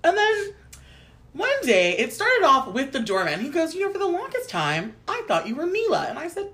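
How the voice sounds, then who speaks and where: A woman's voice: high-pitched, huge pitch swings, moderate pace, a bit bright. A young adult woman co-hosting a casual chat podcast, telling stories with plenty of swearing and laughter. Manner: storytelling, swears freely, laughs often. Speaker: podcast co-host.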